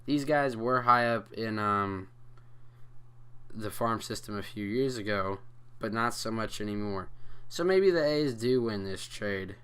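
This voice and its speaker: A man's voice: on the low side, unhurried, fairly bright tone, clear, resonant tone. A young man vlogging casual sports commentary, rambling and hesitant with many fillers and restarts.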